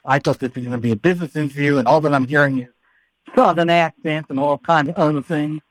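A man's voice: a little high, steady tone, fast talker, very noisy. A man hosting a podcast in casual, playful banter, joking and often repeating his words. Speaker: podcast host.

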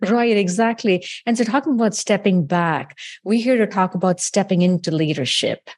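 A woman's voice: medium pitch, normal speed, a little mellow. A woman hosting a podcast interview, reflective and enthusiastic, with frequent casual fillers. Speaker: podcast host.

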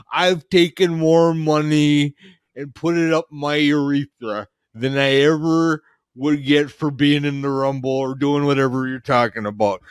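A man's voice: a little high, smooth, no room sound, studio quality, close to an everyday voice. A man doing a boastful old wrestling legend. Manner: drawling, boastful, preachy. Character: boastful aging wrestling legend, brash and preachy.

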